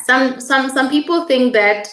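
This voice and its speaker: A young woman hosting a casual livestream, greeting viewers by name and talking warmly and quickly about her channel and purpose. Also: sits high, reverberant. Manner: warm, effusive, reads viewer comments aloud; fast-talking, emotional, laughing. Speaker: livestream host.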